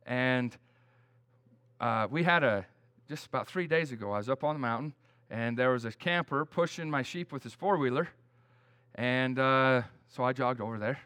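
A man's voice: mid-range voice, moderate pace, a bit bright, clean tone. A middle-aged man preaching a conversational sermon, plain-spoken and folksy, telling stories with frequent restarts.

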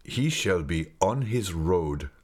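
A man voicing a grave, secretive older male guide who speaks slowly and mournfully. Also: sits low, lively intonation, a little mellow, heavily acted. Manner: slow, measured, mournful.

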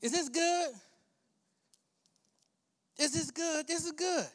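A man preaching a sermon as pastor, repeating phrases for emphasis and swinging from shouts to hushed near-whispers. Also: very high voice, slow. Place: church sanctuary.

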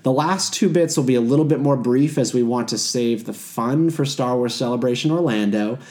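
A man hosting a podcast, talking in a brisk, upbeat, casual way with the odd filler. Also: mid-range voice, a little mellow. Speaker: podcast host.

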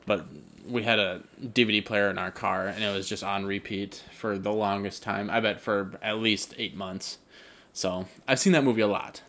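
A young man co-hosting a casual podcast, easygoing, often trailing off softly. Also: on the low side, fairly even intonation, moderate pace. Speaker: podcast co-host. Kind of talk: casual chat.

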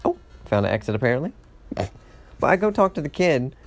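A man's voice: medium pitch, very animated, a little fast. Rambling, foul-mouthed gamer man. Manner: rambling, swears often, laughs at himself. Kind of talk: casual let's-play commentary.

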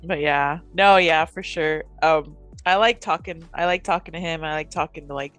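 A young woman talks casually in a slightly low voice. She rambles, stacks up fillers and giggles often. Soft music plays faintly behind her. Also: moderate pace, no echo. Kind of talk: casual chat.

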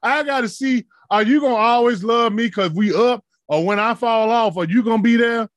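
A man preaching a sermon in a passionate, rhythmic style, building to shouted peaks and dropping to soft asides. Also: very high-pitched, moderate pace, dry recording.

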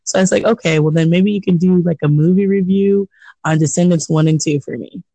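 Man, podcast co-host, slightly high voice, animated storyteller, dry mic. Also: brisk, vocal fry, no echo, low-quality recording. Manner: animated storyteller, laughs often, acts out quotes. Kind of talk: casual chat.

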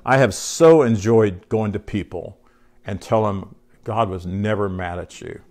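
A man's voice: lowish voice, unhurried, a little mellow. Guy preaching a laid-back sermon, reads verses out, keeps asking the folks questions. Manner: conversational preaching, reads scripture aloud, asks the room questions. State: short on sleep. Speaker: pastor.

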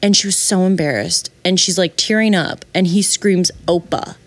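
A woman in casual chat, telling a story in a lively way, laughing and quoting people in put-on voices. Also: lowish voice, moderate pace. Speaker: guest telling a dating story.

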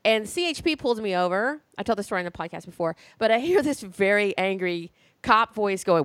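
A woman's voice: mid-range voice, lively intonation, fairly quick, fairly bright tone, no echo. A woman from Alabama hosting a podcast in casual interview chat, blunt and swearing freely. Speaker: podcast host.

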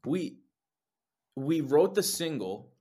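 Animated young man telling band stories. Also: a little high, takes it slowly, slightly rough. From New Jersey. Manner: animated storyteller, swears a lot, acts out quotes. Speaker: lead singer, guest. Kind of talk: casual interview chat.

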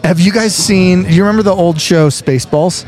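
A man's voice: sits high, normal speed, a little mellow, soft background music. Joking podcast co-host, man. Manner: joking, teasing banter. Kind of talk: casual chat.

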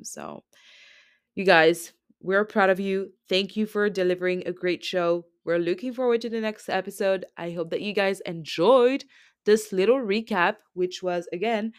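A woman's voice: fairly low pitch, clear, resonant tone, dry recording, studio quality. A woman podcast host with a French accent, rambling through a casual recap full of filler words. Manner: rambling, chatty, heavy use of filler words.

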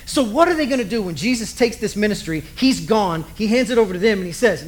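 A man's voice: high voice, big pitch swings, brisk, hardly any pauses, low-quality recording. A man preaching a sermon as a pastor, talking animatedly and acting out little asides.

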